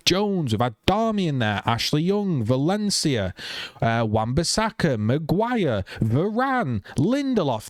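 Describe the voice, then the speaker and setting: A man's voice: high voice, dry recording, clean studio sound. A man ranting heatedly to camera as a football fan vlogger, swearing and repeating himself. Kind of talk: angry rant to camera.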